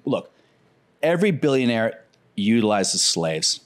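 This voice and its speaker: A man with a fairly low voice chatting on a comedy podcast, telling stories with lots of swearing. His pitch jumps up and down a lot as he gets worked up. The talk is loose and unscripted. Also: a little slow. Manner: profane, animated storytelling. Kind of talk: casual podcast chat.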